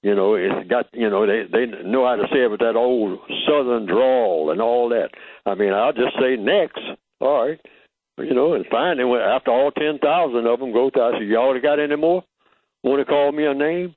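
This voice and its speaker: A man's voice: mid-range voice, normal speed, no room sound. An older man speaking as a guest on a radio talk show, teaching emphatically and asking rhetorical questions. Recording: tinny phone line, dry.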